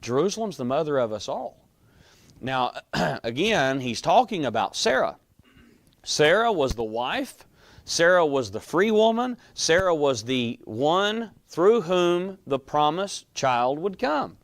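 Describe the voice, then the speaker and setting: A man's voice: on the high side, no room sound. A man teaching a Bible class in a conversational way, often quizzing his students.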